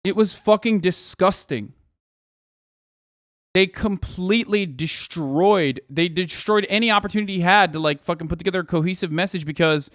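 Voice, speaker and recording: A man with a fairly high, smooth, clear voice, hosting a live reaction stream. He rants in a heated, profane way and reads news items aloud between his comments. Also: brisk, a bit bright, no echo, studio quality.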